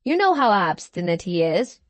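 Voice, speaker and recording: A woman voicing a genial middle-aged male lawyer in an audiobook, speaking in a brisk, fussy way. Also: on the low side, big pitch swings, dry recording.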